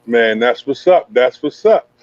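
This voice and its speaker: A man's voice: mid-range voice, animated, measured pace, muffled recording. A man hosting a casual podcast interview, talking in a hype, slangy, playful banter style. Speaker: podcast host interviewing a youth player.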